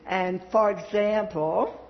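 A woman's voice: medium pitch, slow. A middle-aged woman with a Southern US accent, giving a folksy devotional talk with fillers and reading scripture aloud. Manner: chatty, folksy, with frequent fillers. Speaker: church speaker. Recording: echoey dull hall sound.

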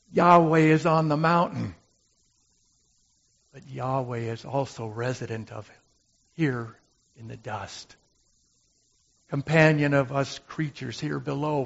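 A man playing a gentle, humble brother of Moses in a slow, musing dramatic monologue. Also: a little high, creaky, muffled recording, full character voice. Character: gentle brother of Moses, who made the golden calf, humble and reflective.

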